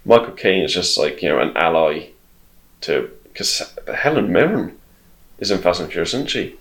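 A man's voice: low voice, big pitch swings, normal speed, a bit bright, rough recording. A man co-hosting a casual film chat, rambling with lots of fillers. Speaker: podcast co-host.

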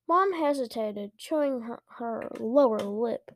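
Brief: woman reading a kids' book aloud, unhurried, slightly high, dry recording. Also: darkish tone, dry recording. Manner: careful, with small restarts. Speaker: story reader.

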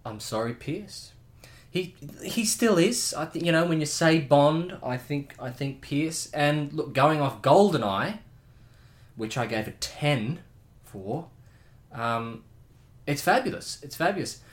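Speaking slowly with lively intonation, a slightly high-voiced man co-hosts a podcast. He chats casually and tells stories with mock-dramatic, theatrical flair for comic effect.

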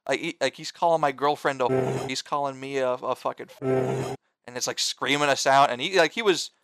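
A man's voice: mid-range voice, normal speed, a bit bright, faint music behind. A young man telling stories in casual chat with friends, rambling and swearing, full of fillers and restarts. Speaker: storyteller among friends.

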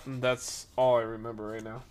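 With slight background noise behind him, a man in his 20s talks a little fast in a medium-pitched voice. He's retelling a rambling story on a podcast stream, casual and animated, with frequent fillers.

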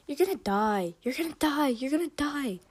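A woman voicing a menacing inner voice in a put-on British accent, chanting loudly. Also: high-pitched, lively intonation, normal speed, no room sound, voice pushed up. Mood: ominous chanting.

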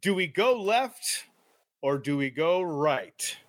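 Lively guy goofing around while reading a kids book on stream, kinda high voice, dry sound. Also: takes it slowly, no room sound. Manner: animated and jokey, playful asides. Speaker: co-host reading aloud. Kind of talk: casual live-stream read-along.

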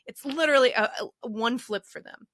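A woman co-hosting a podcast in casual chat, telling stories in an animated, chatty way. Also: on the high side, a little fast, no room sound, clean studio sound. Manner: chatty storyteller, animated retelling. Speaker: podcast co-host. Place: home recording with a drink.

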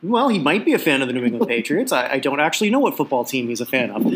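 A man's voice: medium pitch, sing-song, fast talker, hardly any pauses, fairly bright tone. A man hosting a sports podcast in casual chat, rambling and repeating words, chuckling often. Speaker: podcast host.

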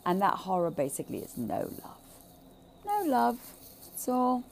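A woman giving an impassioned, emphatic monologue, swearing freely, repeating phrases and swinging between loud bursts and hushed asides. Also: mid-range voice, huge pitch swings, unhurried, gravelly, slight background noise. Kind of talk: impassioned monologue on childhood trauma.

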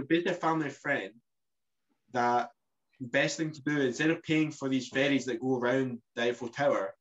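Man, casual travel chat, rambling delivery, average pitch. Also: muffled recording. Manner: rambling, many restarts and fillers. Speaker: podcast co-host.

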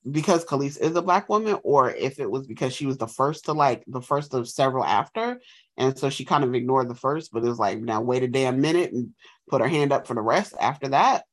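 A woman co-hosting a podcast in casual chat, telling stories animatedly and acting out quotes in high voices. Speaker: podcast co-host.

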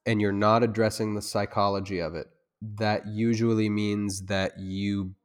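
A man with a fairly low voice talks through an interview as a self-defense instructor. He rambles, restarts his sentences and leans on fillers. He turns loud and heated when he drives a point home. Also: flat delivery, measured pace, clean tone. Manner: loose, rambling talk with many restarts and fillers. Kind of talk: conversational interview.

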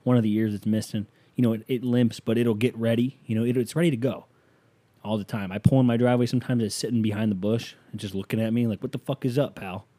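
A man's voice: fairly low pitch, flat delivery, fast talker, warm tone. A man hosting a casual solo podcast, rambling and joking as he talks directly to the listener. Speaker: podcast host.

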